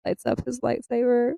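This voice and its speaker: A woman's voice: on the high side, creaky, dry recording. Brief: woman podcast co-host, casual storytelling, acts out quotes, dry close sound. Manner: animated, laughs often, acts out quotes. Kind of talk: casual chat retelling a comic.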